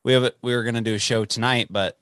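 A man's voice: mid-range voice, steady tone, racing, a bit bright, clear, resonant tone, dry recording, studio quality. A man in his twenties hosting a casual podcast chat, laid back and saying "dude" often. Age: 20s. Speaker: podcast host. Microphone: podcast mic.

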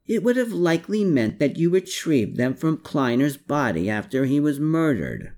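A dogged male investigator, voiced by a male audiobook reader, firing off pointed questions one after another. His voice sits somewhat above the reader's own and moves lively through its range. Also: a little high, moderate pace, voice pushed up. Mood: probing. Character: persistent male police investigator.

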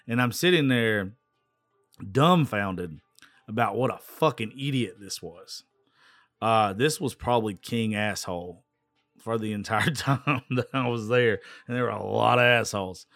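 A man's voice: mid-range voice, moderate pace, a bit bright, no echo, clean studio sound. A man hosting his own podcast, telling a story as a blunt, profane, exasperated rant. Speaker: podcast host.

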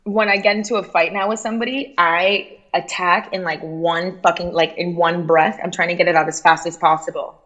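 A woman's voice: fairly low pitch, fairly even intonation, fairly quick, hardly any pauses, a bit bright. Rambling young woman, lots of "like". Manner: rambling, full of filler "like"s, swears freely. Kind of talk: casual chat.

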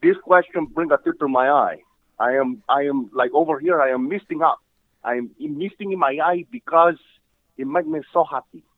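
A man voicing an overwrought, emotional middle-aged priest in a playful put-on accent, loud and gushing. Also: on the high side, rapid-fire, few pauses, voice pushed up, lightly acted. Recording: tinny phone-like line.

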